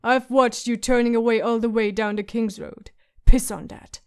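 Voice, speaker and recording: A woman reading the part of a scarred, surly, drunk male warrior who rasps and mocks in an audiobook. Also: on the high side, little pitch movement, normal speed, darkish tone, lightly acted. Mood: mocking. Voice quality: rasping, mocking.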